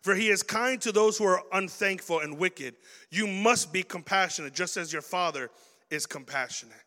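Male preacher, high and animated, acts out scenes for a young crowd; hall echo. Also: normal speed. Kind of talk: sermon to young people.

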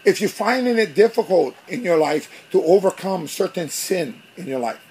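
A pastor preaching a sermon, telling a story with animation and acting out both sides of an argument. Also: male voice, high voice, animated, moderate pace, a little mellow, husky.

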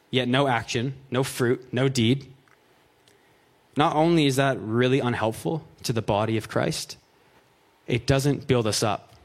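In a conversational sermon, a man with a mid-range voice reads scripture aloud and then unpacks it in plain terms. His joking asides are sprinkled with "like" and "right?".

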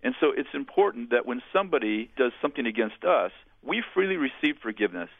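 Over a tinny phone line, a man speaking as a pastor and interview guest tells earnest, plainspoken stories in a radio interview, restarting frequently. His voice is medium-pitched, sing-song, and fast, with no echo.

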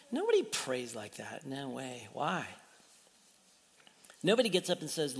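A man's voice: mid-range voice, wildly swooping pitch, measured pace, vocal fry, long pauses, long reverb tail. A man preaching a sermon in a conversational way, asking the congregation rhetorical questions. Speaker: pastor.

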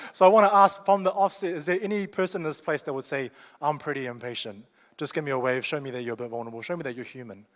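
A man's voice: a little high, fast. A young man with a New Zealand accent preaching a sermon in a joking, conversational, down-to-earth way. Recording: long reverb of a large hall.

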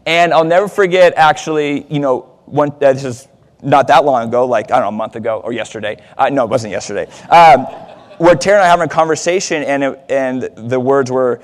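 A man's voice: medium pitch, animated, fairly quick. A man, a pastor, giving a casual, self-deprecating sermon in a church, with fillers and asides. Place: church sanctuary. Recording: long reverb of a church hall.

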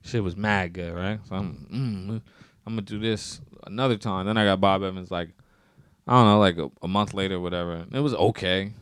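A man with a lowish voice tells a story in casual, profanity-heavy chat. He gets animated and acts out other people's lines. The recording is dry and close. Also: brisk, clean tone, no echo.

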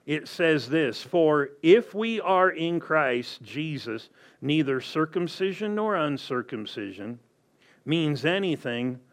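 Male pastor, unhurried sermon delivery, scripture readings, rhetorical questions. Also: a little high. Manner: slow, deliberate preaching with scripture reading.

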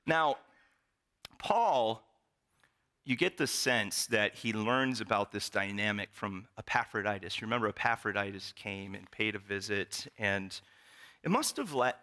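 Bright-voiced animated male preacher. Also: fairly high pitch. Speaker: pastor. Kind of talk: sermon.

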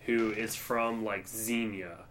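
A man's voice: on the low side, fairly even intonation, slow pace, a bit bright, a little hiss or hum. Rambling young man in casual chat. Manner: rambling, filler-heavy, laughs often. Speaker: podcast co-host.

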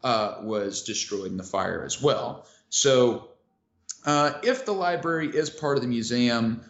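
A man's voice: mid-range voice, expressive, measured pace. A man co-hosting a casual history podcast, talking loosely with many fillers and the odd swear word. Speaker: podcast co-host. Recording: roomy lo-fi audio.

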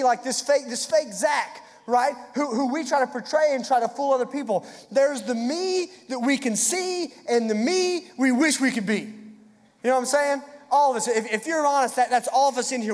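A man's voice: very high voice, long reverb tail. A man preaching a sermon in a casual, joking way, often repeating words as he goes. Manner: conversational, jokey, repeats words. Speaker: pastor.

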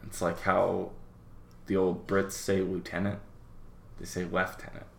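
A man's voice: low-pitched, completely flat delivery, slow, creaky, slight background noise. A man co-hosting a casual podcast, talking bluntly and sardonically with plenty of swearing. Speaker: podcast co-host. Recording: roomy echo.

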